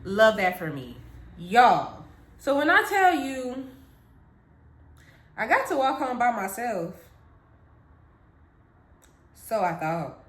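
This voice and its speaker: Animated young woman telling a story. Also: a little high, takes it slowly, long pauses. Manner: animated, acts out voices in quotes. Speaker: vlogger. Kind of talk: casual storytime. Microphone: phone or tablet camera. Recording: echoey room.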